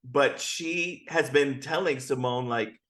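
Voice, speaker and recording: A man as guest co-host in casual recap chat, giving relaxed commentary and frequent short agreements. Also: mid-range voice, slow.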